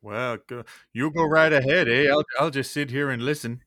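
A man's voice: medium pitch, steady tone, moderate pace, fairly bright tone, no room sound, clean studio sound, lightly acted. A man improvising an easygoing lumberjack in a mock Canadian accent, ending lines with "eh". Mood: folksy. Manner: drawling, tags lines with "eh". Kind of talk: improv comedy scene.

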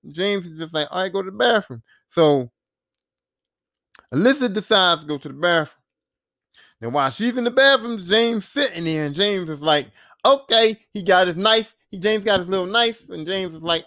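A man hosting a podcast, casually recapping a TV series in a profane, animated storytelling manner, acting out the characters' lines. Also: sits high, moderate pace, no room sound, studio quality. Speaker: podcast host.

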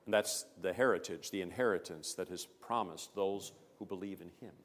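A male pastor delivering a sermon in a measured, emphatic way, pressing hard on key words. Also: low-pitched. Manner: emphatic, measured preaching with rising stresses. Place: church. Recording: long church reverb.

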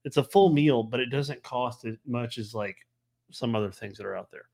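A man's voice: mid-range voice, moderate pace, vocal fry, darkish tone. A man co-hosting a live stream, chatting casually with dry teasing remarks. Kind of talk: casual chat.

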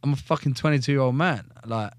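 A man's voice: medium pitch, a little fast, dry recording, studio quality. A young man, a former soldier, telling his story in a casual podcast chat, blunt and full of swearing. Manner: blunt, heavy swearing, animated retelling.

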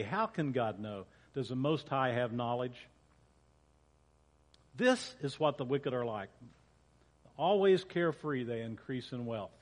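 A man preaching as a pastor, reading scripture in a casual way and often repeating and correcting himself. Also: mid-range voice. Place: church sanctuary. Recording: long church reverb.

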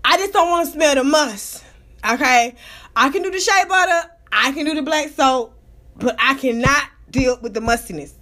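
A young woman's very high, sharp, bright voice fills this casual podcast commentary. She talks brashly and swears freely, laughing her way through rambling stories as the show's host. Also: moderate pace. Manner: brash, profane, laughing storyteller.

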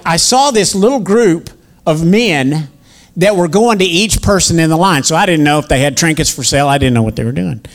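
A man preaches in a high voice. He tells folksy stories with chatty asides to his congregation, then reads scripture aloud in a teaching sermon style. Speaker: minister and teacher.

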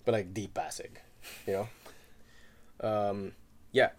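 Laid-back, low-voiced man swapping stories. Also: fairly even intonation, slow. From Philippines. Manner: loose and profane, heavy filler words, laughs often. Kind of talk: casual chat.

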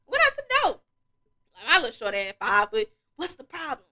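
This young woman hosts a podcast, her high voice brisk as she tells a wild story. Her casual chat is profane and lively, full of laughter, with the other people's voices, lines, and beats acted out.

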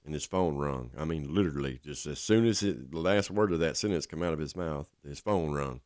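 A man's voice: extremely low pitch, fairly quick, few pauses, a little mellow, dry recording, studio quality. A man with a Southern US accent telling a personal story in a candid, plain-spoken, rambling way.

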